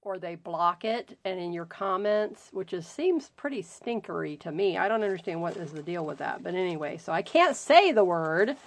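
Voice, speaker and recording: A woman's voice: lowish voice, expressive. A woman hosting a crafting video, casually chatting as she unboxes gifts and gushes over each one. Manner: gushing, exclaims often, slow drawn-out delight. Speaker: crafting channel host. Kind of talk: unboxing happy mail, casual chat.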